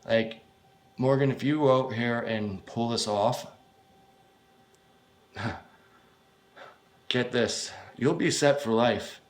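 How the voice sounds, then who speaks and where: A man's voice: medium pitch, slow pace, pauses often, close to an everyday voice. A man voicing a weary, desperate male friend who pleads hesitantly and swears as he pushes a job offer. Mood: urging.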